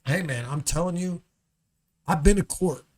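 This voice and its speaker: A comedian telling a story on a studio podcast, ranting in an animated, profane way and acting out angry judges. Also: male voice, fairly high pitch, moderate pace. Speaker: comedian guest.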